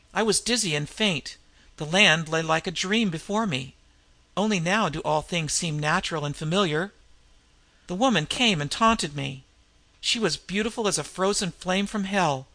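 A man's voice: high-pitched, pushed and bright, no echo, exaggerated voice. A man doing a dazed barbarian warrior. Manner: hazy, dazed delivery.

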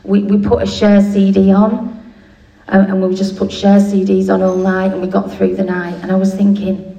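A woman's voice: mid-range voice, completely flat delivery, moderate pace, vocal fry, dark tone, muffled recording. A woman giving a candid, funny share at a recovery meeting, swearing bluntly and laughing at herself. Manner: blunt, swearing, self-mocking humour. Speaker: speaker sharing at a recovery meeting. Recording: echoey room, distant mic, faint noise.

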